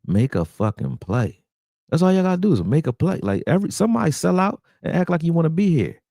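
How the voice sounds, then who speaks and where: Animated gravelly man ranting over game film. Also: fairly high pitch, fast, no room sound, studio quality. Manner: animated, profane, exasperated, talks to viewers as y'all. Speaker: sports channel host breaking down game film. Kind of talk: casual raw film breakdown. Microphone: close desktop mic, screen sharing.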